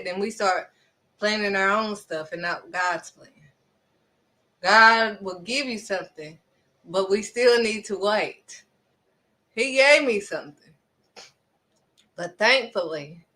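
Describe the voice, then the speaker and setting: Woman, bright tone, earnest, chatty spiritual encouragement, dramatic asides. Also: mid-range voice. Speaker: faith vlogger.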